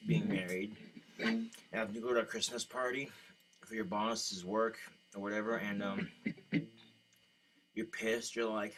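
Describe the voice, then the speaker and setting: A man's voice: lowish voice, steady tone, moderate pace, fairly bright tone, slight background noise, rough recording. A man delivering a rambling, crude comedic rant as a vlogger. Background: guitar music.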